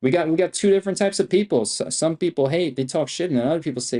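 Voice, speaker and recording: A man's voice: fairly high pitch, fast, dark tone. A young man streaming his trades live, boasting and swearing freely and repeating himself. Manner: boastful, profane, repetitive swagger. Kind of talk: live-stream trading commentary.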